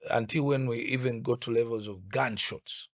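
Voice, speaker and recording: A middle-aged man from Uganda recounts his career in a relaxed interview. His voice is gravelly and sits at a middle pitch. The sound is dry and close, and he often restarts his sentences as he thinks. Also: moderate pace, dry recording. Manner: reflective storytelling with repeated restarts. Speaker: interview guest, musician. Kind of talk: casual interview chat.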